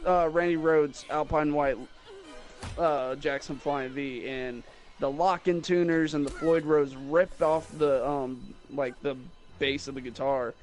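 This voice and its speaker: Rambling young man telling a store story. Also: medium pitch. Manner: rambling, animated, mocking. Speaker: guitar salesman. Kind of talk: casual storytelling.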